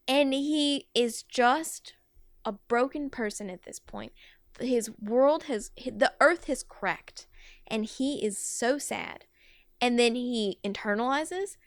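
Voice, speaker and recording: Woman podcast host, casual comic storytelling, rambling, fairly high voice, dry close sound. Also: slow pace, no echo. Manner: rambling, filler-heavy, giggly.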